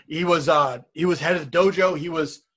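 Podcast guest: man from California, somewhat high husky voice, loose animated storyteller who acts out quotes. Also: fairly quick. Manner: rambling, animated anecdote-telling with many repeats and quoted dialogue. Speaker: interview guest, wrestler and streamer. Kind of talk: casual storytelling in a podcast interview.

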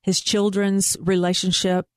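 An earnest, emphatic woman speaking as an investigator being interviewed. Her voice sits at an ordinary middle pitch. The sound is dry and close, with no room around it. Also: level tone, a little slow, no echo. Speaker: private investigator and guest. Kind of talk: interview conversation.

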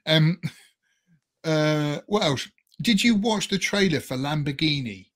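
A man's voice: fairly high pitch, lively intonation, takes it slowly, a bit bright. A man hosting a casual podcast chat, joking and laughing often. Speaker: podcast host.

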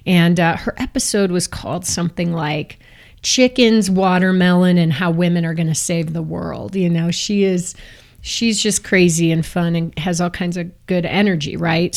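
A woman hosting a podcast interview, enthusiastic and quick to laugh. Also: fairly low pitch. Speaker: podcast host. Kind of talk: casual interview.

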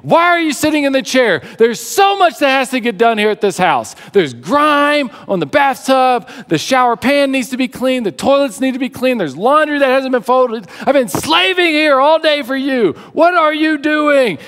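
A man's voice: very high-pitched, expressive, a bit bright, long reverb tail, pitched above the performer's own voice. A man voicing an exasperated wife scolding her husband and listing chores, inside a sermon story. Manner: scolding, rapid list of chores.

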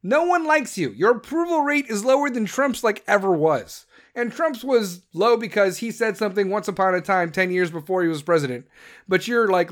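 A man from the United States hosting a solo podcast, ranting in a rambling, profane and opinionated way. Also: high-pitched. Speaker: podcast host.

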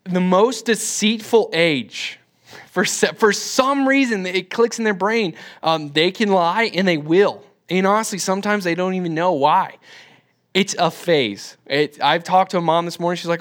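Man, twenties, fairly high pitch, casual church teacher, rambling, lots of fillers and restarts. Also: moderate pace, a bit bright. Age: 20s. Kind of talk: casual classroom talk.

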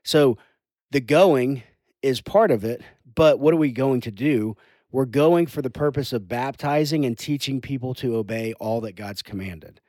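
A man's voice: mid-range voice, normal speed, darkish tone, no room sound. A man, a youth pastor, talking in an earnest conversation that drifts into preaching. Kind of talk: casual conversation.

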